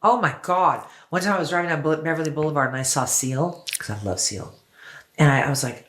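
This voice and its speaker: A woman in her fifties from the United States, a singer chatting as an interview guest, telling lively stories and swearing freely. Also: rumbling low, brisk. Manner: animated storyteller, acts out quotes, swears freely. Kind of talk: casual chat.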